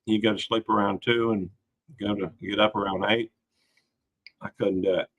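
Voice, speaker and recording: Male livestream host, low pitch with a bright, forceful edge, folksy rambling chat. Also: level tone, moderate pace, vocal fry, rough recording. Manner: rambling, folksy, greets viewers by name. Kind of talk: casual late-night livestream chat.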